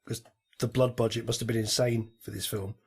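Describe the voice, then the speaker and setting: A man's voice: on the low side, flat delivery, a little fast, creaky, slightly rough. A man co-hosting a film podcast, chatting casually and laughing along. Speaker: podcast co-host. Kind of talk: casual chat.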